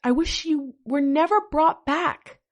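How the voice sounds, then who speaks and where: Brash, dim-witted fanboy with shouty outbursts, put on by a woman reading a story. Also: sits high, flat delivery, normal speed. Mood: angry.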